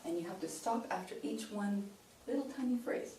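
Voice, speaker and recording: Warm and mid-range, this woman speaks at a moderate pace as a pronunciation coach from Canada giving a workshop talk. She demonstrates by breaking lines into short chunks. The sound is roomy, from a far-off mic, with a faint hiss.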